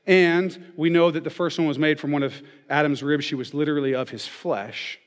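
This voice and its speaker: Guy preaching a sermon, slightly high voice, keeps asking "right?", long hall echo. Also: fairly even intonation, moderate pace. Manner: conversational, often checks in with "okay?" and "right?". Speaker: pastor. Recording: long reverb of a large hall.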